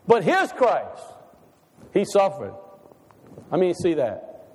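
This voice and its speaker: A man with a high voice preaches in a relaxed, folksy manner, peppering his sermon with rhetorical questions. His words ring out with the long reverb of a large church hall. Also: slow pace, breathy edge. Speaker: pastor.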